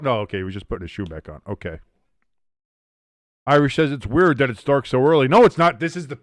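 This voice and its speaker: Calling plays casually on his watch-along stream, this young man reads out viewer comments between them and gets excitable, surging sharply on big moments. The mid-range voice is fairly quick, captured dry and at studio quality.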